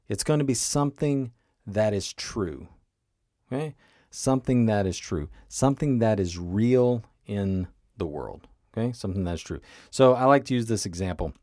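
A man with a lowish voice talks listeners through a coaching tool on his podcast. He explains casually and keeps checking in with "right?" and "okay?". The sound is close and dry. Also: darkish tone, no echo. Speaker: life coach and podcast host.

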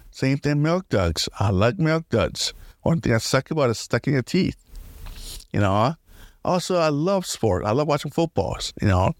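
A man's voice: medium pitch, no echo. Male solo podcaster, chatty and meandering, laughs between thoughts, dry recording. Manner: rambling, laughs often, restarts a lot. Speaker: podcast host. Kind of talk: casual solo podcast rambling.

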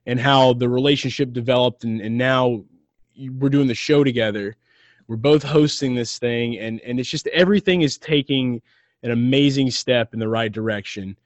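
A man co-hosting a casual podcast, talking in an excitable, rambling way and swearing freely. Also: medium pitch, no room sound, highs cut off. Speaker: podcast co-host.

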